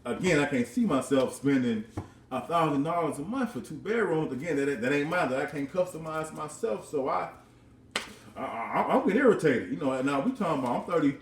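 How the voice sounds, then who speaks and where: A man's voice: on the high side, expressive, a little fast, far from the mic, slight background noise. A man in his thirties casually telling a personal story at home, rambling and repeating words with frequent chuckles. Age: 30s. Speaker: vlogger. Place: his own house. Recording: roomy sound from off-mic.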